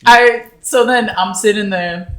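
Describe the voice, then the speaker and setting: A young man with a bright, forward voice tells a story in a casual podcast chat. He laughs as he goes and acts out the people in it. The room adds a noticeable echo. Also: high-pitched, unhurried. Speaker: podcast co-host.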